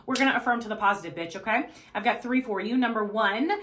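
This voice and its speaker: A woman's voice: on the high side, fast, a bit bright, a little hiss or hum. A woman fitness coach in a casual motivational vlog, blunt and profane, with emphatic delivery and a habit of checking in with "okay?" and "right?".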